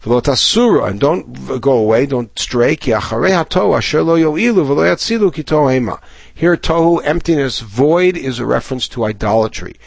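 A man's voice: medium pitch, expressive, brisk, vocal fry, dry recording. A man giving a Bible lesson, reading Hebrew verses aloud and then explaining them in English. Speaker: Bible teacher. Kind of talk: recorded Torah lesson.

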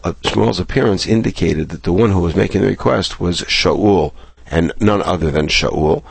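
A man's voice: deep voice, gravelly, slightly rough, no room sound. A man teaching a text-study lesson, reading verses aloud, translating them, and voicing the characters' lines with some animation. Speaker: Bible teacher.

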